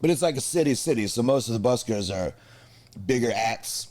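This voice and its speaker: An American musician telling crude, comic stories from his travels in a relaxed podcast chat. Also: mid-range voice, fairly quick. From United States. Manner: animated, crude, comic storytelling. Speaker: musician guest. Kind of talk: storytelling in a casual podcast chat.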